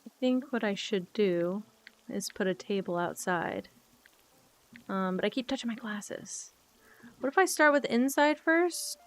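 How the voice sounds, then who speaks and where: In an animated, unhurried, medium-pitched voice, a young woman chats during a gaming live stream. She rambles candidly, thinks aloud and answers chat as faint guitar music plays.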